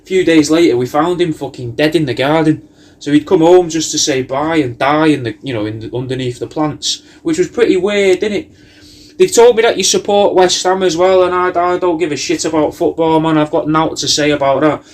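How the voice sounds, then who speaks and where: Man, slightly high voice, rambling, sweary, slangy, comic monologue. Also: a little fast. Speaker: comedian recording a personalised video message.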